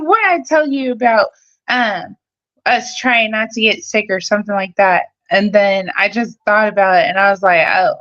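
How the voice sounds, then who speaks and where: A woman caller in a heated casual debate, sassy and blunt, with profanity sprinkled through her talk. Her voice sits at an ordinary pitch for a woman, and the sound is dull and lo-fi, as if coming through a muffled connection. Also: normal speed, fairly bright tone. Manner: sassy, blunt, swears freely. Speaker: caller on a live stream. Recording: dull lo-fi audio.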